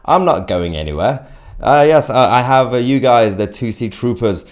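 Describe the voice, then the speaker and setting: A man's voice: mid-range voice, animated, normal speed. A man hosting a live stream, chatting casually and reading out viewer comments, with many fillers and restarts.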